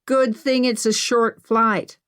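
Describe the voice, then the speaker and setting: A woman voicing a sardonic young woman adventurer who jokes slowly and dryly. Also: a little high, level tone, clear, resonant tone, pitched above the performer's own voice. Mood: wry. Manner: sardonic, slow, joking.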